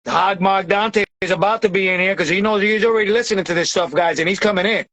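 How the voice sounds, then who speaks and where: A man hosting a casual livestream chat, loud and excitable, with shouted bursts and lots of slang. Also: sits high, fast. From Tampa, Florida. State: sweating from heat. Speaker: livestream host.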